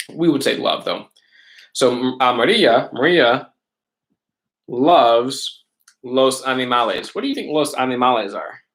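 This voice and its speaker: In a casual online class, a male teacher walks through worksheet examples step by step, often checking in with "right?" His medium-pitched voice is a bit bright, picked up by a laptop or webcam mic.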